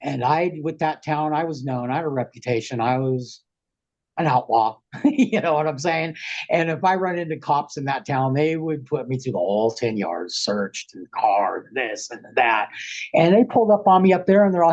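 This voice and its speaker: A middle-aged man on a podcast, rambling through an animated, slangy story and acting out what people said. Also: medium pitch, normal speed, dull audio. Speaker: podcast guest. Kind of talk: casual storytelling.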